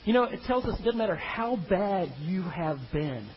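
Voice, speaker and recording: A man preaching a sermon, animated, acting out the story in voices of its figures. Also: high voice, normal speed, muffled recording, slight background noise. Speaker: pastor.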